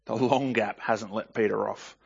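A man's voice: on the low side, steady tone, moderate pace, gravelly, husky, highs cut off. A man reading scripture aloud and commenting on it in a conversational way, often asking the listener rhetorical questions. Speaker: Bible teacher.

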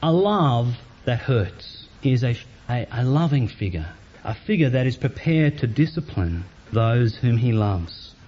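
Man, middle-aged, preacher, earnest reflective sermon, lively melody, dull recording. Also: medium pitch, moderate pace, husky. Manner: earnest, reflective storytelling with frequent uh fillers. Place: church. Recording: muffled church recording with faint hiss.

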